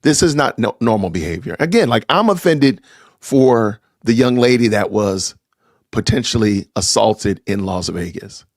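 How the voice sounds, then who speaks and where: Middle-aged male host, indignant live-stream commentary, trips over his own words, very animated pitch. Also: moderate pace, no echo, clean studio sound. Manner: indignant, stammering, repeating himself. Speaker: podcast host.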